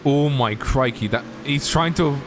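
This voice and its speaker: In an unhurried mid-range voice with a little hiss or hum on the recording, a man offers jokey, opinionated co-commentary on a sim racing stream. The live race chat has him laughing whenever cars crash.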